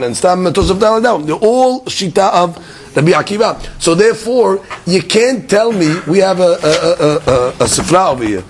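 Man giving a talmud class, kinda high voice, jumps around in pitch, keeps repeating words, little background hiss. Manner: animated explaining, mixing Hebrew-Aramaic terms into English, repeats words. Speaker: Talmud teacher.

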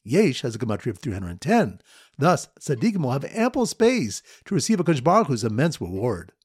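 A man's voice: brisk, husky, no echo, clean studio sound. A man reviewing Talmud pages with playful mnemonic stories, jumping his voice up and down as he tells them. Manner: lively storytelling with sudden pitch jumps. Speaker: Talmud teacher.

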